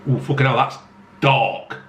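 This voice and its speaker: With a mid-range, slightly bright voice, fairly even intonation and a measured pace, a vlogger reviews a beer to camera while cursing bluntly and mocking himself in jokey asides. The echoey room carries faint ambience and a little hiss or hum.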